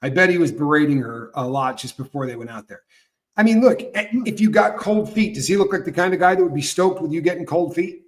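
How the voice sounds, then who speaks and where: Brief: male talk-show host, a touch high-pitched, chatty storyteller who acts out quotes and restarts often. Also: expressive, fast. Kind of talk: casual live talk show chat.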